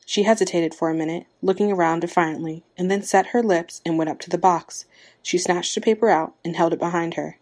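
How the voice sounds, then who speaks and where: Woman with a lowish voice to narrate a story, measured and expressive. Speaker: story reader.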